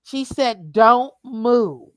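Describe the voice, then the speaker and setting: A woman telling a lively, profane story in casual chat, calling her listener "child". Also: on the high side, extremely slow, dry recording. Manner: animated storyteller, swears freely, calls listener "child". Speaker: streamer, co-host. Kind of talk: casual chat while crafting.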